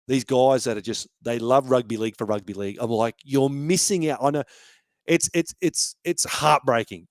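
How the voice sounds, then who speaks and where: A podcast host runs a casual fan podcast, speaking with feeling, swearing freely and often restarting his sentences. His voice is mid-range, with no room sound.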